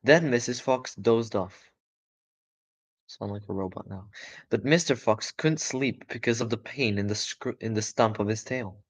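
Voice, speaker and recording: A man's voice: mid-range voice, a little slow. A man giving a live audiobook reading of a children's story, breaking off into chatty, casual asides and correcting his own slips.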